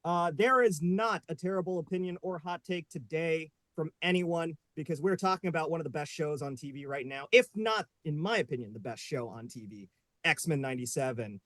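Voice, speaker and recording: A man's voice: fairly high pitch, a little fast, fairly bright tone, dry recording. A man hosting a live online panel show, upbeat and joking, with many fillers. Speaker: host. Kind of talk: casual live panel chat.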